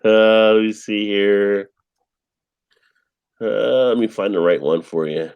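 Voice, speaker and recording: A man hosting a casual live stream chat, rambling in a relaxed way and laughing often. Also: lowish voice, takes it slowly, clean tone, dry recording, lo-fi sound.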